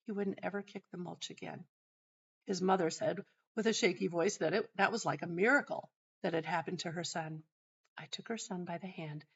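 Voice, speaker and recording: A middle-aged woman hosting a teaching show, telling a personal story in a calm, measured way. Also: fairly low pitch. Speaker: host and teacher. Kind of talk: narrating a personal teaching anecdote. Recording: dull lo-fi sound.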